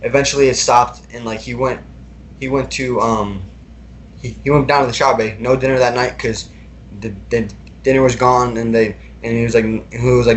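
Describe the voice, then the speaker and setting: A man's voice: mid-range voice, steady tone, normal speed, a little hiss or hum. Young man telling his story, rambling. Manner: casual, rambling, many fillers and repeated words. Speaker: guest. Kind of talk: recounting personal experiences in a podcast interview.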